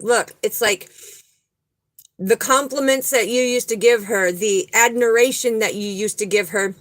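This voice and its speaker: A woman's voice: on the high side, dry recording, poor audio. A woman giving a spiritual reading straight to the viewer, earnest and soothing, repeating key words for emphasis. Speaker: spiritual card reader. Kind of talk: psychic reading, spoken to the viewer.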